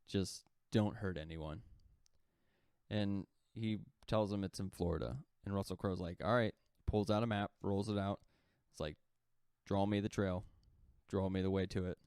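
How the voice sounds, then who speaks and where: Deep-voiced dude rambling a story on a podcast, says like a lot, swears some, dry close sound. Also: male voice, level tone, moderate pace, darkish tone, clear, resonant tone, dry recording. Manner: rambling, heavy use of "like" fillers; swearing, acts out quoted lines. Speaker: podcast co-host. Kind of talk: casual storytelling.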